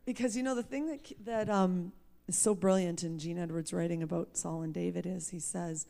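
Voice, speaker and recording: Woman preacher with a gravelly edge. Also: on the low side, fairly even intonation, moderate pace, warm tone. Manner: candid and emphatic, laughing at herself. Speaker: preacher sharing her testimony. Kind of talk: personal testimony in a sermon.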